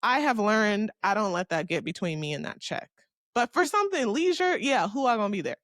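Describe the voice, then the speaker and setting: A young woman from Miami tells a story on her solo podcast, candid and chatty, with a voice of middle pitch. She curses freely and argues with herself out loud. The sound is dry and close, with no room around it. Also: big pitch swings, fairly quick, no room sound. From Miami, Florida. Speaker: podcast host.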